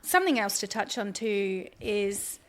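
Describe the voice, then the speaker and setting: A woman's voice: mid-range voice, lively intonation, unhurried. A woman hosting a casual podcast interview, talking in a reflective, encouraging way with frequent fillers. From former athlete. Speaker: podcast host.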